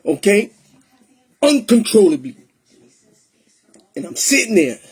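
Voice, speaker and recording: A man recounts his own testimony in a high, husky voice. He talks in a streetwise, emotional way and slips Spanish phrases into his English. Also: big pitch swings, takes it slowly. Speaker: testimony speaker. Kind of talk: personal testimony storytelling.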